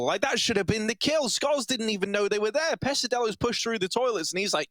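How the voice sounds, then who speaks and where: A man's voice: high-pitched, lively intonation, brisk, few pauses, a bit bright, no room sound. Chatty male esports analyst. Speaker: esports caster. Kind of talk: live color commentary.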